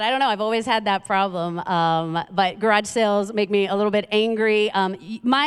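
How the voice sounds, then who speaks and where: A woman from Queens preaches in a loose, conversational way, full of self-mocking asides. Her voice is smooth and resonant at a middling pitch. It carries a long reverb off the walls of a large church hall. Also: a little fast. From Queens, New York. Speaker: guest preacher. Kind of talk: conversational sermon. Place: church sanctuary.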